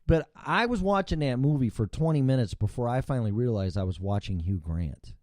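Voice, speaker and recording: A man's voice: mid-range voice, expressive, fairly quick, a little mellow, no echo, clean studio sound. Rambling, foul-mouthed male talk show host. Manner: rambling, profane, with frequent restarts. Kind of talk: casual podcast chat.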